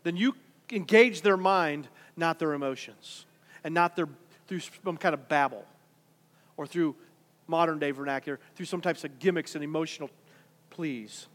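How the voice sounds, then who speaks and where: A middle-aged man preaching a sermon as pastor, conversational, swinging from quiet asides to loud emphatic points. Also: on the high side, moderate pace. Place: large church hall. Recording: reverberant hall.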